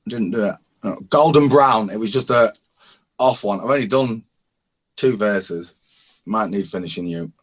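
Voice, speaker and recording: A man's voice: medium pitch, fairly bright tone. A man chatting casually in an online hangout, rambling and chuckling as he lists parody songs he has made. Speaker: open-mic hangout participant. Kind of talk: casual chat.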